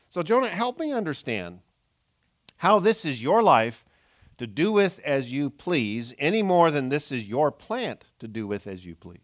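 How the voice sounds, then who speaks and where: A man preaching a sermon in an earnest way, moving between loud emphasis and soft, low asides. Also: sing-song, measured pace. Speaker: pastor.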